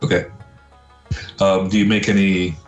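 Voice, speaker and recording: Deep-voiced man running a tabletop game. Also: little pitch movement, echoey room, distant mic, muffled recording, soft background music. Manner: casual, halting narration with many fillers. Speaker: game master.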